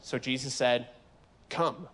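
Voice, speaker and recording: A man preaching a sermon in an animated, joking way, acting out voices from the scripture he reads. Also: mid-range voice, takes it slowly. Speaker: guest preacher.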